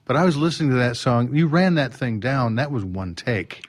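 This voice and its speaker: A man as a podcast guest, telling a story with lively restarts and acting out voices and sounds. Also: medium pitch, brisk. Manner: animated, acts out quotes and sounds, many restarts. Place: drum showroom.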